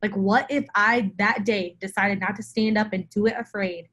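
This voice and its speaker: Young woman hyping up her ladies group, punchy repeated lines, mid-pitch voice, talking to her phone. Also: steady tone, normal speed, fairly bright tone. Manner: emphatic, repeats phrases, speaks directly to "ladies". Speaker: weight-loss coach addressing her group. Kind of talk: motivational talk to camera. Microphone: phone or camera for a live video.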